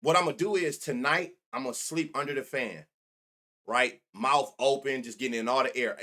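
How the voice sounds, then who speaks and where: A man's voice: mid-range voice, bright, forceful tone. Male stream host, loose and profane, rambling banter with chat. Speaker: sports betting show host. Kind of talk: casual live-stream chat.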